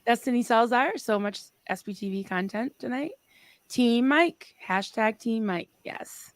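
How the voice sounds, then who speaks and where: A woman's voice: on the high side, unhurried, no echo. Bubbly woman co-hosting a live stream. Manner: bubbly, laughs often, reads viewer comments aloud. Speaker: livestream co-host. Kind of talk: casual chat on a live stream.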